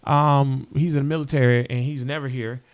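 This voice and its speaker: A man, co-hosting a sports podcast and telling stories in relaxed, chatty banter. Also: medium pitch, brisk. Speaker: podcast co-host.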